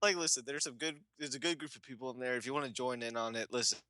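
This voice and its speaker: A man's voice: medium pitch, racing, pushed and bright, dry recording. A man co-hosting a wrestling podcast, chatting casually and rambling through his plugs, restarting sentences and laughing at his own slips. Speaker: co-host.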